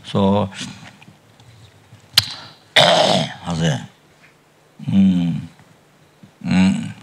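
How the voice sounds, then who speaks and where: A very low, gravelly older man giving a Buddhist dharma talk, his voice husky. He speaks very slowly and haltingly, restarting phrases and coughing or clearing his throat often. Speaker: Buddhist teacher.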